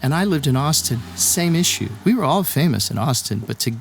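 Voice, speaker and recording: A man's voice: on the high side, very animated, brisk, gravelly, a little hiss or hum. A man from Texas, a songwriter telling a long story in an interview, acting out the voices of the people he quotes and laughing often. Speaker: songwriter guest. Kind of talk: animated storytelling in conversation.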